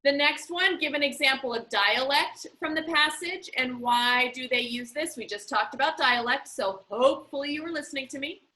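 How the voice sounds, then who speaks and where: A high, bright woman's voice teaching a class, patient and methodical, checking in often with "okay?". She is heard through a computer mic on a video call. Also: moderate pace, hardly any pauses, low-quality recording. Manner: patient, explaining step by step with frequent "okay?" and "um". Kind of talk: online class instruction.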